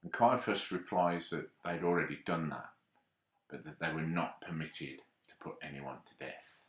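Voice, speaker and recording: A man's voice: rumbling low, moderate pace, a bit bright, echoey room. A man leading a church group, retelling a Bible story with small restarts as he goes. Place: church hall.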